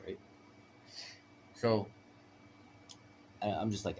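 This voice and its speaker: A man with a deep, low voice tells his own story in a loose, rambling way. He presses his points hard and keeps checking in with "right?" A light background noise runs under the recording. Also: takes it slowly, pauses often, a little mellow. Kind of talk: personal storytelling.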